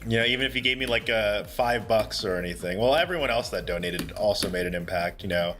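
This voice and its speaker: A man's voice: on the low side, lively intonation, fast, a bit bright, faint music behind. A young man talking casually to viewers during a live stream, earnest and chatty, swearing freely and laughing often. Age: young adult.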